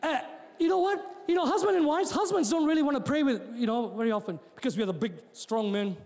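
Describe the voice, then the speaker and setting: In a church hall with long reverb, a pastor preaches a sermon in an extremely high voice, speaking fast with hardly any pauses. He mixes jokes with rousing calls, rises to shouts, and often repeats and restarts his words.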